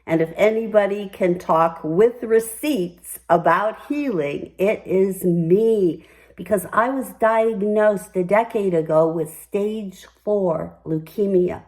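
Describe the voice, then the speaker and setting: A woman's voice: medium pitch, slow, a little mellow, low-quality recording. An older woman hosting a personal commentary, telling her story in an emphatic, upbeat way. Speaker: commentary host.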